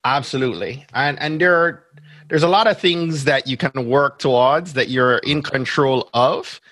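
Jamaican man explaining with bright tone. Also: mid-range voice, normal speed, no room sound. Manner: explains step by step, often checks in with "right?". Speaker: podcast guest, brand strategist. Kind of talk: casual interview talk.

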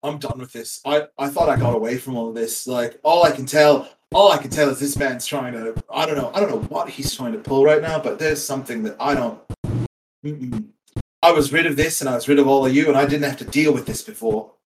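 A man playing a bitter, irate estranged son in a tabletop role-play game, ranting and swearing, swinging from loud outbursts to mutters. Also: medium pitch, a little fast, slight background noise, rough recording. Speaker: player.

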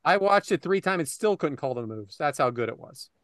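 A man's voice: a little high, animated, brisk, fairly bright tone, no echo, studio quality. A man hosting a casual podcast, loose and joking, laughing often and cursing casually. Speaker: podcast host.

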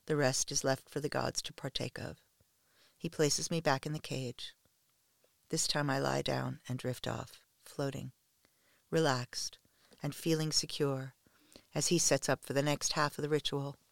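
Guy with a gravelly voice reading a story, slow and hushed, dry close sound. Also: medium pitch, level tone, dry recording. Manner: slow, hushed, measured delivery. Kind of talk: first-person story reading.

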